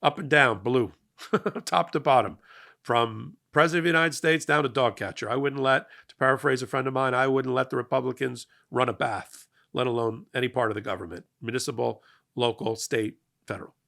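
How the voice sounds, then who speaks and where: Fired-up gravelly male political host. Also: medium pitch, brisk. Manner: emphatic, energetic, rising to loud peaks. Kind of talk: passionate political monologue.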